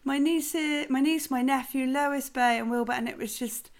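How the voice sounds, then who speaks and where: A woman's voice: high-pitched, steady tone, moderate pace. Sleep-deprived woman, giggly and rambling. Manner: rambling, giggly, loses her thread. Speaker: podcast co-host. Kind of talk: casual chat.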